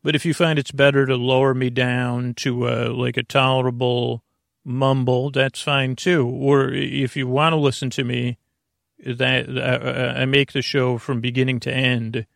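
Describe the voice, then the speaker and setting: A man hosting a sleep podcast, talking in a creaky, lulling, meandering way full of tangents and restarts. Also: mid-range voice, little pitch movement, a little slow, a bit bright, dry recording, clean studio sound. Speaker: podcast host. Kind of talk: rambling bedtime talk.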